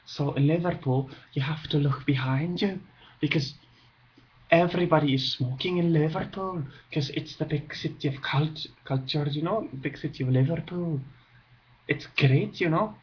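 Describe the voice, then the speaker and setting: A man doing a brash, boastful Liverpool local who talks in a rambling way, with a put-on Scouse accent. The voice sits well above his usual pitch. The recording is dull and lo-fi. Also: moderate pace, a little hiss or hum, lightly acted. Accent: attempted Scouse. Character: brash male Liverpool local, chatty and proud.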